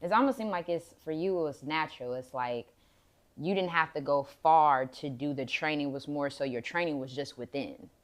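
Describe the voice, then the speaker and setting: Playful Chicago woman hosting a chat show; laughs easily, gets loud. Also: sits low, moderate pace. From Chicago, USA. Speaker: podcast host. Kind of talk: casual chat.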